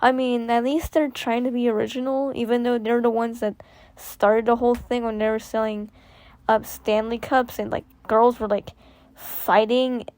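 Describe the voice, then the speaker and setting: A woman's voice: fairly high pitch, level tone, normal speed, a little mellow, no echo. A young woman vlogger giving rambling, sarcastic commentary, full of fillers and restarts. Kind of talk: casual commentary.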